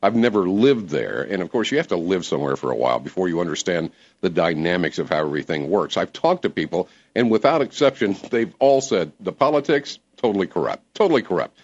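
A male talk radio host with a low voice that swings widely in pitch as he presses his points. He talks emphatically and animatedly to his callers. The sound is dull and lo-fi, like an old radio broadcast. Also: fairly quick. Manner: animated, emphatic, laughs easily.

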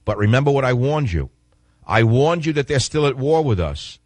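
A man's voice: mid-range voice, very animated, normal speed, a little mellow, dry recording. A man hosting a political radio talk show, speaking in an emphatic monologue that repeats and stresses key phrases.

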